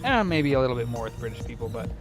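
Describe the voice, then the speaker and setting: This is an American man in a relaxed live-stream chat as he works on a repair. His speech wanders and keeps circling back on itself, padded with plenty of "like". His voice sits at a middling pitch, and faint music plays behind him. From United States. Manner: rambling, heavy use of "like" fillers. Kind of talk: casual live-stream chat while soldering.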